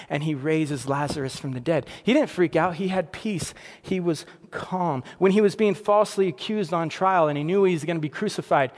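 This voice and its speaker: A man preaching a sermon in a conversational way, dropping to hushed tones and then rising to loud, emphatic passages. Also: on the high side, normal speed, hardly any pauses, in a large hall. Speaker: pastor.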